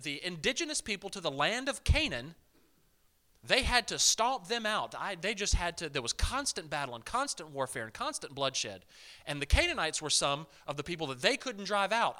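A man delivering a sermon in a conversational, animated style, often turning to the congregation with asides. His voice sits fairly high and sounds bright and forceful. His pitch rises and falls widely. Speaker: pastor.

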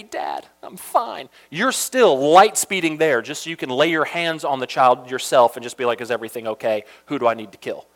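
A young man from Georgia telling a funny personal story in an animated, chatty way, full of asides. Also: a little high.

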